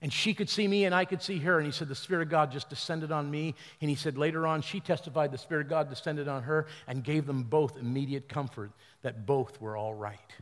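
Pastor preaching in a reverberant hall. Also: male voice, a little high, brisk, few pauses. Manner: retells a story with quoted voices, then leads the congregation in loud declarations. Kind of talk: sermon. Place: large church hall.

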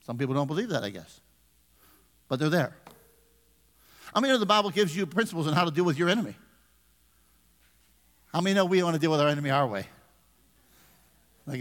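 A man's voice: a little high, animated, fairly quick, long pauses, in a large hall. A man in his fifties, a pastor preaching a conversational sermon with humor and questions to the congregation. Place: church sanctuary.

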